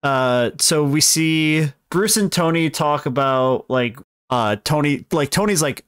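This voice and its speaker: A man's voice: medium pitch, slow, a bit bright, clear, resonant tone, no room sound, clean studio sound. A young man co-hosting a casual podcast, recapping a story at length in a rambling, self-correcting way. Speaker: podcast co-host explaining films.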